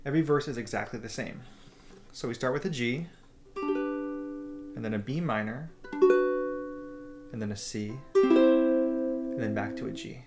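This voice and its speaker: A man's voice: mid-range voice, measured pace, pauses often, over loud music. A man teaching a beginner ukulele lesson, explaining step by step and counting beats aloud. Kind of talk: instructional explanation. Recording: ukulele playing throughout.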